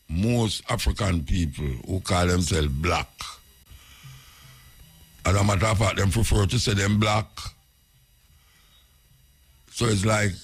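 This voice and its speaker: A man's voice: fairly low pitch, breathy edge. A man with a Jamaican accent hosting a radio talk, lecturing through rhetorical questions. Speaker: radio host.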